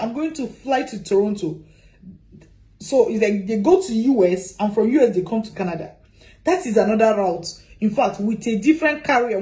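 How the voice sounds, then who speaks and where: A woman giving advice as a migration consultant, animated and repeating her points with rhetorical questions. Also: fairly high pitch, rough recording. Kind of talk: advice talk to camera.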